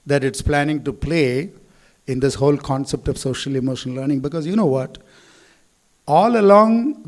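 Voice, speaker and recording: A man's voice: on the high side, darkish tone. A man, a school chairman giving a speech at a school event in a hall, telling stories and acting out the quotes.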